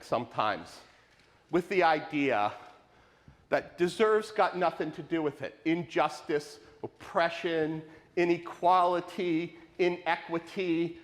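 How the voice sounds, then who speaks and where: High-voiced animated preacher in a sanctuary. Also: male voice. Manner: animated, questioning, rhetorical repetition. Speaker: pastor. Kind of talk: sermon. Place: church sanctuary. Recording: live in a reverberant sanctuary.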